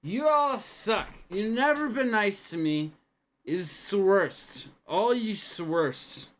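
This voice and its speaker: Man playing a whiny, loud drunk. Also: high-pitched, animated, slow pace, pitched above the performer's own voice, full character voice. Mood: sulky. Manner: slurring, petulant yelling. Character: whiny drunk adult man, self-pitying. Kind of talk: tabletop game character voice.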